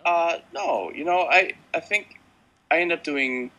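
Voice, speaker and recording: A man's voice: a little high, animated, measured pace, bright, forceful tone, highs cut off. A man who works as a voice actor, chatting casually and thoughtfully, a little self-critical about his work. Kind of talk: casual commentary chat.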